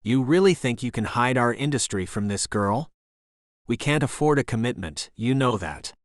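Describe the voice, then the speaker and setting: A man's voice: mid-range voice, animated, moderate pace, dry recording, studio quality, close to an everyday voice. A man voicing a suspicious, paranoid male hacker partner in an audiobook, speaking in curt, accusing bursts. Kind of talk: audiobook character voice.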